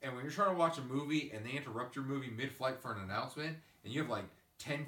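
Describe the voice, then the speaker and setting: A man hosting a casual podcast, swearing freely and ranting through animated stories. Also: medium pitch, recorded from a distance. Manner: ranting, profane, animated storytelling. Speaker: podcast host. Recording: echoey room, away from the mic.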